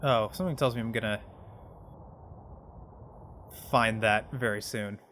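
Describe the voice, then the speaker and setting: A man's voice: lowish voice, steady tone, a little fast, fairly bright tone, slight background noise. A man hosting a casual let's play, thinking aloud, reading menus, and making self-mocking asides. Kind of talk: casual gameplay commentary.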